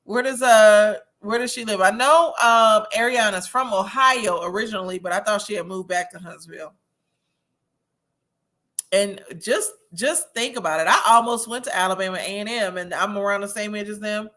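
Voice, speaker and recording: A woman's voice: medium pitch, moderate pace, a bit bright. A woman hosting a casual livestream, chatting and gossiping as she reads viewer comments, a little tipsy and laughing often. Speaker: host of a reality-TV review livestream.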